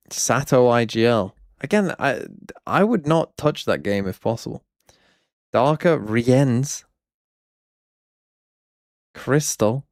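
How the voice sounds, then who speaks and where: A man streams casual commentary, reviewing viewers' fantasy teams bluntly and wryly as he thinks aloud. His voice is mid-range, creaky and darkish, recorded with clean studio sound and no echo.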